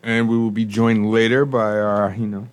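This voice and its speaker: A male co-host with a fairly low voice trades casual banter in a radio studio. He often repeats and finishes his partner's lines in a relaxed, friendly way. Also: moderate pace, clean tone. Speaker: co-host of a faith sports radio show.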